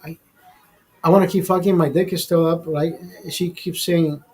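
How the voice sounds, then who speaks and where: A man's voice: on the high side, steady tone, normal speed, a little mellow, breathy edge, poor audio. A man hosting a live stream, telling a personal story in a rambling, profane way full of fillers and restarts. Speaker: show host telling a story. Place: studio.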